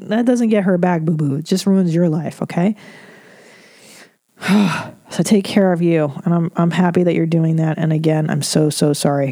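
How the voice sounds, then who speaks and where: A woman's voice: fairly low pitch, brisk, warm tone, dry recording, clean studio sound. A woman comedian hosting a podcast, giving blunt, profane, motherly advice in casual chat.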